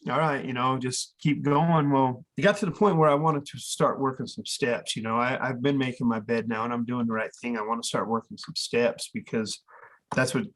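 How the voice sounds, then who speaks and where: A man's voice: medium pitch, fairly quick, fairly bright tone. A man being interviewed as a guest, telling his own story candidly and with feeling, plain-spoken and now and then swearing. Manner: earnest, emotional, acts out quoted dialogue.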